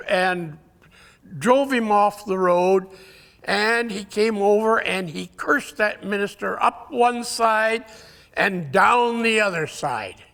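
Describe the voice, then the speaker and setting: Halting folksy man, gravelly high voice. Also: bright, forceful tone. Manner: folksy, halting storyteller with many uhs. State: weakened voice, clearing throat. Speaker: conference speaker. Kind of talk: telling jokes in a talk. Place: conference hall. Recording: long hall reverb.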